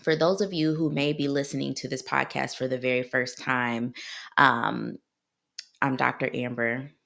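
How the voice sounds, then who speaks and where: Her pitch sits extremely low, creaky yet fairly bright, with a steady tone and an ordinary pace. This Ohio woman in her thirties is a clinical psychologist talking alone on her own podcast, warm and personal, circling back over the same points.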